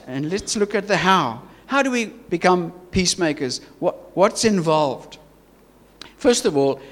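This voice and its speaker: South African man, pastor, sermon delivery, emphatic with restarts, higher voice, reverberant hall. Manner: earnest, emphatic, stumbling restarts and repetition. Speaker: preacher.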